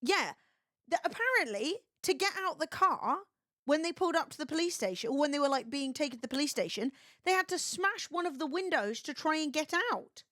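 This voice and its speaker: A woman's voice: high-pitched, animated, a little fast, fairly bright tone, no room sound, clean studio sound. A young woman streaming, retelling gossip in a sweary, chatty way. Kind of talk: casual livestream chat.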